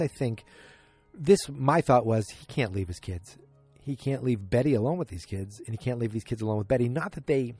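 A man talks through a TV episode in a loose, rambling recap, stopping to restart his sentences and sketching what the characters said. His voice sits on the low side and sounds dark and mellow. Faint music plays quietly behind him. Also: breathy edge. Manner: rambling, many fillers and restarts, paraphrases characters' lines. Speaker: podcast host recapping a TV episode. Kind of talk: casual recap monologue.

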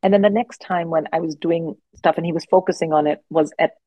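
A woman in her forties, a guest comedian telling animated stories in casual podcast chat. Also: sits low, a little fast, no echo, poor audio. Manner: animated, expressive anecdotes with frequent restarts.

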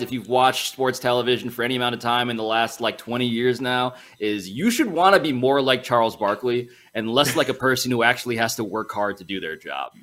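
Animated, teasing male podcast host. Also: medium pitch. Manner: wry, teasing, animated delivery. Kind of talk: casual sports chat.

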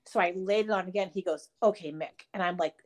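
A woman co-hosting a podcast in casual chat, telling stories in an animated, profane way. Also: on the low side, fast, noisy background. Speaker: podcast co-host.

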